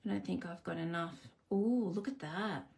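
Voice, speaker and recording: A woman's voice: fairly low pitch, normal speed, vocal fry, darkish tone. A woman hosting a live card-making stream, chatting casually and laughing at herself while she works. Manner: chatty, self-deprecating, talks to viewers while working. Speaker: crafting live stream host. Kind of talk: casual live crafting demo.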